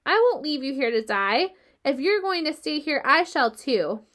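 Storybook pig, young and male, earnest and emotional, high voice that pleads and cries out, read by a woman. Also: very animated, moderate pace, a bit bright. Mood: desperate.

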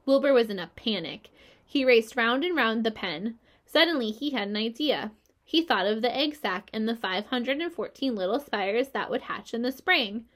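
A woman reading a children's novel aloud. She tells it in a measured, gentle way. Her voice sits a little high. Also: expressive. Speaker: reader.

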